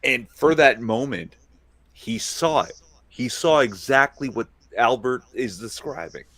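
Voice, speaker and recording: A man's voice: medium pitch, unhurried, a bit bright, no room sound. A man hosting a casual talk show, blunt and crude, teasing his guest. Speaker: host. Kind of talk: casual chat.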